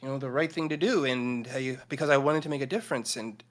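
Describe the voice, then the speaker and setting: A man's voice: mid-range voice, fast, fairly bright tone, close to an everyday voice. A man playing an earnest young male hero at a tabletop game, stammering and sounding unsure of himself. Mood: overwhelmed.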